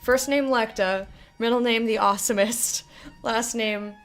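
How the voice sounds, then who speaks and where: A woman's voice: on the high side, steady tone, unhurried, soft background music. A woman playing a game and commenting in a chatty, joking, self-mocking way. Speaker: streamer. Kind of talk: gameplay commentary.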